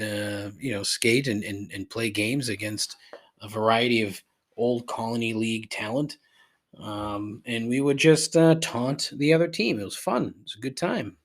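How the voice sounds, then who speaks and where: A middle-aged man hosting a podcast, rambling through a profane rant that climbs in pitch when he gets riled. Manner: rambling and repetitive, swears freely, rises in pitch when riled. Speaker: podcast host. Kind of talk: casual profane ranting monologue.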